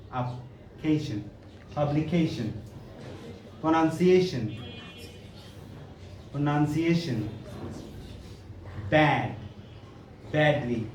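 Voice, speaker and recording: A man from Bangladesh teaching English pronunciation in a classroom, saying words slowly one at a time and repeating them. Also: a little high, a little mellow. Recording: echoey classroom, distant mic, noisy.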